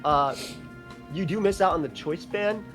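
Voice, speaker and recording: A man's voice: sits high, unhurried, fairly bright tone, faint music behind. A man chatting casually as a guest, slangy and assertive as he argues his points. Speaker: guest co-host. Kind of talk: casual chat.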